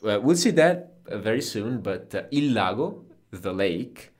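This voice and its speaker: A man's voice: lowish voice, big pitch swings, unhurried, a little mellow. A man with an Italian accent, a native Italian speaker, patiently explaining Italian grammar as the teacher of a conversational lesson.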